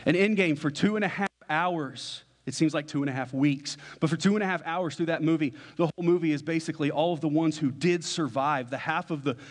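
A young man preaches in a slightly high voice, telling a story in a loose, conversational way. His words ring out with a long reverb, as if he is in a large church hall. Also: a little fast, few pauses. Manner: casual storytelling, acts out quoted dialogue. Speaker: pastor. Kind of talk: sermon illustration. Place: church sanctuary.

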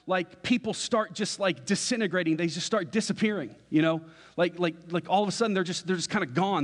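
A young man, a pastor, telling a casual story in a sermon and acting out the dialogue in it. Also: sits high. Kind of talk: sermon illustration. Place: church sanctuary. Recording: long hall reverb.

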